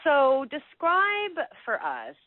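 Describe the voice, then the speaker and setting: A co-host in a casual chat asking wry, slow questions. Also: high voice, wildly swooping pitch, no room sound. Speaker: podcast co-host. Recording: tinny phone-like sound.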